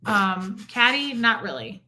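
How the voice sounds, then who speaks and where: A woman's voice: medium pitch, big pitch swings, measured pace, bright, forceful tone. A middle-aged woman co-hosting a casual chat show, talking in a brash, bawdy, flirtatious way. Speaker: podcast co-host. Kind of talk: casual chat reading live comments.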